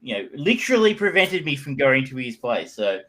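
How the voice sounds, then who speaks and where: A man's voice: medium pitch, sing-song, fairly quick, sharp tone, poor audio. A middle-aged Australian man co-hosting a podcast in casual chat, rambling with lots of fillers and restarts. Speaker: podcast co-host.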